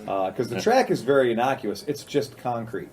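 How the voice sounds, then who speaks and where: A man's voice: medium pitch, big pitch swings, moderate pace, a little mellow, soft background music. A man co-hosting a casual motorcycle talk show, joking and rambling with friends. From Ohio, USA. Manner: joking, rambling, laughs often. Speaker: podcast co-host. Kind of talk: casual banter.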